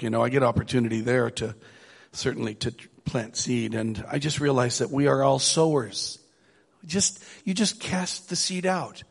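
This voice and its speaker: A gravelly, husky man with a slightly high voice preaches a sermon. He talks to the congregation in an earnest, conversational way and builds into emphatic urging. His voice rings through a church hall with a long reverb.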